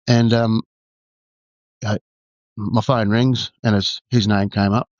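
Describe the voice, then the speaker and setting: A low-pitched Australian man tells his story candidly, stumbling through restarts and fillers. His voice sits dry and close. The recording is dull and lo-fi. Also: little pitch movement, no room sound. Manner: halting, full of "you know" and restarts. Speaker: guest, former undercover detective.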